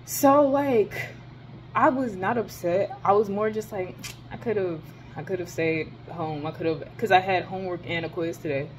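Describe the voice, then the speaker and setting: A young woman, a college student, telling a story in a casual ranting vlog, animated and swearing freely. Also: lowish voice, a little slow, slight background noise. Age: young adult. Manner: animated, profane, emphatic storytelling.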